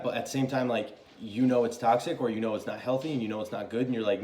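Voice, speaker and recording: Young man, casual tarot reader, chatty and loose, curses a lot, mid-pitched voice, roomy echo around him. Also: fairly even intonation, racing, hardly any pauses, darkish tone, a little hiss or hum. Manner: loose and chatty, swears freely, many fillers. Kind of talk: casual spoken tarot reading.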